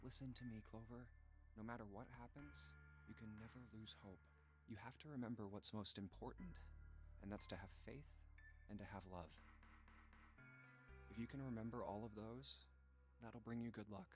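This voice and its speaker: A man's voice: fairly low pitch, moderate pace, pauses often, soft background music, close to an everyday voice. An actor voicing an earnest, protective young male protagonist in a visual novel; he talks reassuringly and stammers when flustered.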